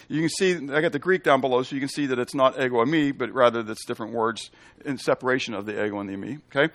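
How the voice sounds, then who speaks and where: Speaking in a mid-range voice, a man acting as pastor delivers an emphatic Bible study sermon. He asks the group questions, then answers them on his own, and reads scripture in a drawn-out, loud manner.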